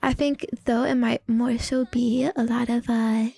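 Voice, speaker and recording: A high-pitched woman chats with her stream audience in a giggly, teasing way. She speaks at an unhurried pace, with faint music playing underneath. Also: flat delivery, gravelly, dark tone, no echo. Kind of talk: casual live-stream chat.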